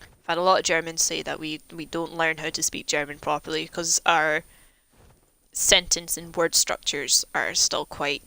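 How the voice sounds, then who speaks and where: A woman's voice: low voice, level tone, moderate pace, vocal fry, sharp tone, poor audio. A young Scottish woman chatting casually and rambling wryly while she streams a game. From Scotland. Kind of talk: casual chat while playing.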